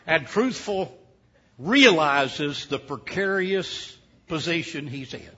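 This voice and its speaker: A man's voice: on the high side, animated, slow pace, fairly bright tone. A man preaching a sermon, telling a folksy, humorous story with many hesitations. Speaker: pastor. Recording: dull lo-fi sound.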